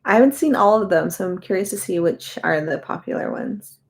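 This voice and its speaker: A woman's voice: mid-range voice, expressive, fairly quick, gravelly. A young adult woman chatting casually while she works on a jigsaw puzzle, amused, and now and then talking to the pieces. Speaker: puzzle video host.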